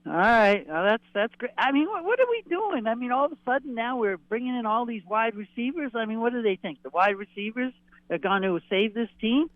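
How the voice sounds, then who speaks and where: A man calling in to a sports show, speaking with joking excitement. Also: very high voice, a little fast, no room sound. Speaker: regular caller. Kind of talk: phone-in chat. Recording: muffled phone line.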